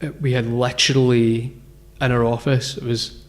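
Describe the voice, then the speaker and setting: A man's voice: medium pitch, little pitch movement, normal speed. A man, a guest founder telling his story in a casual interview, rambling with lots of fillers and restarts. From Scotland. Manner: rambling, filler-heavy, self-correcting.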